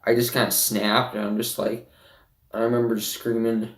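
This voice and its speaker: A teenage boy vlogging from his bedroom, talking haltingly with many fillers and restarts, sniffly and emotional. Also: medium pitch, level tone. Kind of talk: personal confessional vlog. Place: bedroom at home. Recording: roomy, from some distance.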